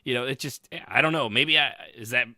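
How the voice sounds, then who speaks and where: Here the podcast co-host talks briskly in a mid-range voice, pushed and bright, while chatting about roleplay in a rambling way full of restarts. There's no room sound, and the quality is studio-grade.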